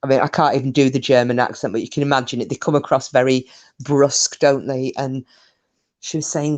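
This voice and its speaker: A woman's voice: extremely low pitch, fairly even intonation, fairly quick, a little mellow. A woman chatting casually on a live stream, rambling through stories, answering comments and swearing mildly.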